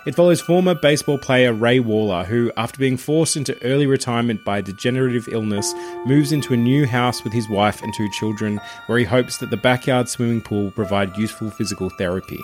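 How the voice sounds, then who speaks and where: A man hosting a casual horror movie podcast, lively and opinionated, chatting with friends. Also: medium pitch, fairly quick, few pauses, soft background music. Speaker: podcast host. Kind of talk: casual chat.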